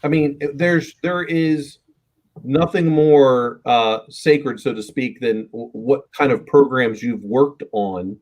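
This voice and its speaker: A man's voice: mid-range voice, takes it slowly, darkish tone. A man co-hosting a casual tech podcast, making dry, laid-back remarks. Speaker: podcast co-host. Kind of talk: casual chat.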